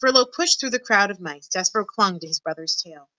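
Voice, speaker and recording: A woman teacher talking to her students and reading a children's novel aloud in a lively, encouraging way. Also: medium pitch, fairly quick, dry recording, low-quality recording.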